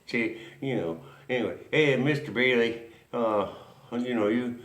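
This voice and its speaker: A man's voice: mid-range voice, unhurried, a bit bright, echoey room. A man hosting a racing history show, rambling through a folksy story with lots of chuckles and asides.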